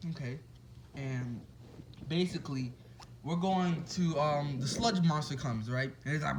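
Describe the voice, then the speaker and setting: Man telling a made-up story off the cuff, rambling and chatty, slightly high-pitched. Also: normal speed, slight background noise, rough recording. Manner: rambling, with restarts and asides to listeners. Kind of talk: casual improvised fan-fiction storytelling.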